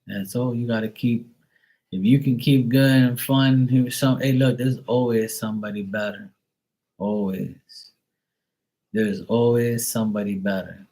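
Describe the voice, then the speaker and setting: A man's voice: mid-range voice, fairly even intonation, measured pace, dark tone. A man reading tarot on a live stream, who chats casually and tells rambling, profane stories. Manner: blunt, profane, rambling storyteller. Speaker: tarot reader.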